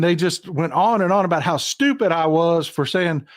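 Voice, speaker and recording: A man's voice: fairly high pitch, animated, normal speed, few pauses, dry recording, clean studio sound. Folksy man hosting a livestream. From Texas. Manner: folksy, hot-tempered storytelling, addresses viewers as folks. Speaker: livestream host. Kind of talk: casual political livestream talk.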